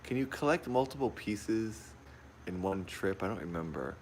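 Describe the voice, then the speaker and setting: A man livestreaming a horror game from a dark room at home, jumpy and easily frightened, repeating his exclamations over and over while recording on a phone. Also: lowish voice, lively intonation, moderate pace, slight background noise. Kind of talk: live gameplay commentary. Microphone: phone pointed at the TV.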